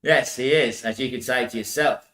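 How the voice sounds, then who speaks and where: A man's voice: mid-range voice, normal speed, fairly bright tone, echoey room. A man rambling through a loose monologue, often laughing and swearing.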